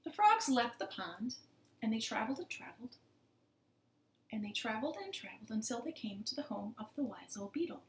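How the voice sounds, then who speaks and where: A woman's voice: fairly high pitch, brisk, echoey room, a little hiss or hum. A woman librarian reading a picture book aloud to children from her living room, playful and asking them questions. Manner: animated and playful, asks the kids questions.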